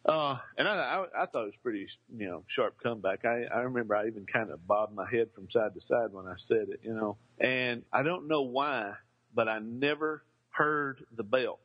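A man's voice: medium pitch, moderate pace, husky, lo-fi sound. Man spinning a rambling comic tale. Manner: rambling, animated, full of fillers and restarts. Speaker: storyteller. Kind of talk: casual comic storytelling.

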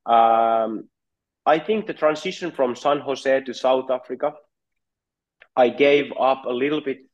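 A man's voice: medium pitch, muffled recording. A man from Finland, a native Finnish speaker, answering interview questions as a goalkeeping coach in a thoughtful way, often repeating words as he searches for phrasing. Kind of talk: podcast interview.

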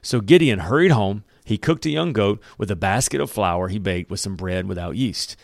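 A man's voice: lowish voice, lively intonation, normal speed, gravelly, no room sound, clean studio sound. A man preaching a sermon, reading scripture aloud and commenting on it in a conversational way. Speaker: pastor.

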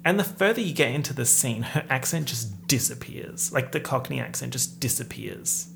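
A sarcastic movie reviewer ranting in an exasperated, comedic way, with a gravelly edge to the voice. The delivery is loose, sweary and full of disbelief, with faint background noise. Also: medium pitch, animated, normal speed.

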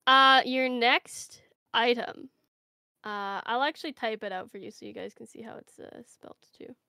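This woman hosts a playful comedy game in a bright, crisp voice. The recording is dry and close. She referees in an easygoing way and laughs easily. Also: a little high, normal speed, no room sound. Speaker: host. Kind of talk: hosting a casual comedy game.

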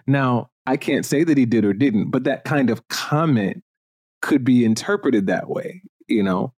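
A man's voice: medium pitch, unhurried, no room sound, studio quality. A man from Jamaica hosting a podcast, chatting casually and giving strong opinions with lots of fillers. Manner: animated and opinionated, with frequent fillers. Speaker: podcast host. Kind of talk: casual chat.

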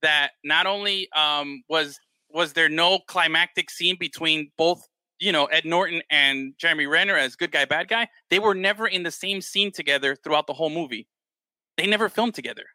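A man co-hosting a casual chat, talking in an animated, rambling way with plenty of swearing. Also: on the high side, moderate pace, no room sound. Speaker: podcast co-host.

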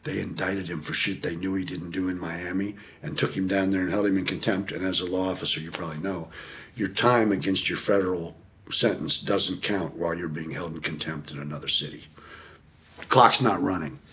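A man's voice: deep voice, a little fast, a little hiss or hum. A middle-aged man from the United States telling prison stories in an interview, swearing freely and acting out the voices in his quotes. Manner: profane animated storyteller, acts out quotes, laughs often. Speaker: podcast guest. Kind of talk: storytelling interview.

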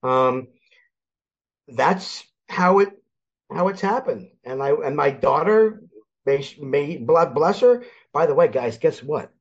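An older man from Philadelphia chats as a guest about sports, with a fairly high voice. He tells his stories with energy and acts out the voices of the people in them. The audio sounds dull and lo-fi. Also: takes it slowly. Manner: animated storyteller, acts out quoted voices. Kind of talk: casual sports chat.

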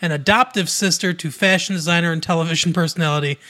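A man co-hosting a casual podcast. His voice is bright and sits a little high. He reads entertainment news aloud and drops in dry, amused asides. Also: fairly even intonation, fast talker. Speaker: podcast co-host.

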